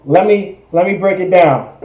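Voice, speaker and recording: High-voiced man teaching, roomy room. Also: moderate pace, lo-fi sound. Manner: repetitive, drilling phrases, checking in with viewers. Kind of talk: online language lesson.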